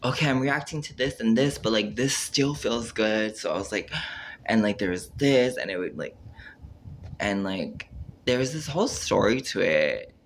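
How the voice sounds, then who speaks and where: A man's voice: fairly low pitch, expressive, normal speed, a little hiss or hum. A man rambling through a casual monologue on camera, full of filler words, acting out his own reactions and trailing off mid-sentence. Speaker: vlogger.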